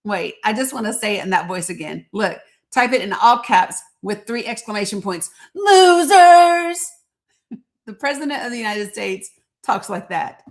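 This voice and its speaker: A woman's voice: mid-range voice, normal speed. A middle-aged woman hosting a live stream, talking bluntly and sarcastically and swearing freely as she greets her viewers. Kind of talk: casual political commentary stream.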